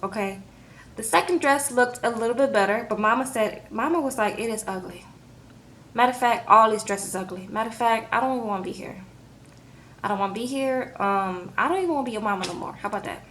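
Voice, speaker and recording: A woman recapping a reality TV episode in a casual vlog, talking in an animated, sassy way, acting out quotes and tagging her lines with "okay?". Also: medium pitch.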